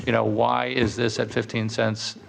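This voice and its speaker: Brief: gravelly male council member, halting, thinks aloud in meeting. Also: medium pitch, monotone. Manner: hesitant, many restarts, thinking aloud. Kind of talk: council discussion. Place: council chamber.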